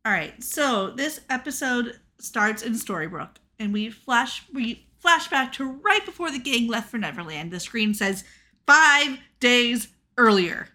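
A woman co-hosting a podcast recaps a TV episode in loose, sarcastic chat and curses freely. Her voice is bright and sits a little high. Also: sing-song, measured pace, few pauses. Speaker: podcast co-host.

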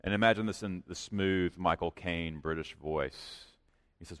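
A pastor preaching in a church, with an earnest, conversational delivery that rises for emphasis. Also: male voice, deep voice, measured pace, fairly bright tone. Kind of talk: sermon. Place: church sanctuary. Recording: long reverb of a large hall.

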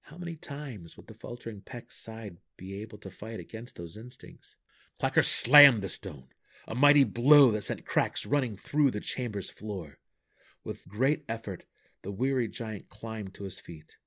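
Low-voiced man narrating fantasy. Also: unhurried, husky. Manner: animated storytelling. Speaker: audiobook podcast reader.

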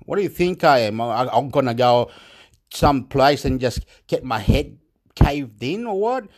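A man from Chile, talking in a rambling, profane monologue in broken English that jumps between loud and soft. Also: mid-range voice, unhurried. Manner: excitable, repetitive, swings loud and soft.

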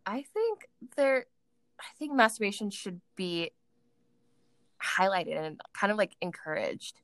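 Woman, mid pitch, rambling casual co-host, dry close sound. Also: big pitch swings, measured pace, dry recording. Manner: rambling, hesitant, many fillers. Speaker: podcast co-host. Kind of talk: casual chat.

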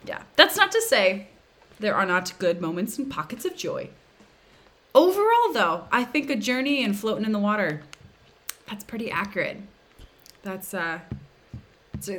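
Woman, casual video-call chat, lively pitch, frequent laughter, playful quoted voices. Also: moderate pace, pauses often.

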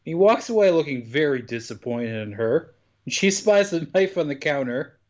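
A man with a slightly high voice chats casually on a podcast, recapping a film scene by scene. He tells it with lively jumps in pitch and a loose, swearing humor. The sound is a bit dull and lo-fi. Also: moderate pace. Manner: animated storytelling with sudden pitch jumps, swears freely. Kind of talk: casual chat.

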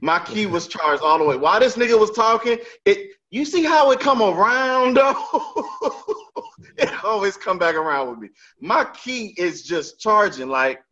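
Animated, profane man telling a story. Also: high voice, a little slow, muffled recording. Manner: animated, profane, emphatic street slang. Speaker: podcast host. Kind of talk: casual storytelling chat.

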